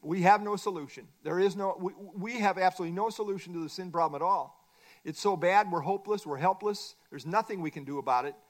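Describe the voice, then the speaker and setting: A man's voice: high voice, fast. A middle-aged man teaching a Bible study lesson from a workbook, emphatic and repeating his key points.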